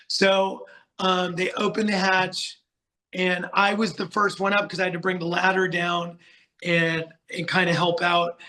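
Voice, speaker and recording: A middle-aged man tells stories as a podcast guest, rambling and animated with plenty of fillers. His voice sits a little high and sounds bright and forceful. He comes from the United States. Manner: chatty, animated storyteller with many fillers and restarts. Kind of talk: casual storytelling interview.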